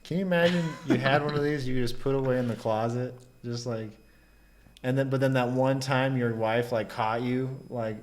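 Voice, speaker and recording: Man, co-host, deadpan, crude jokes, mid-range voice. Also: mid-range voice, moderate pace. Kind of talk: reaction video banter.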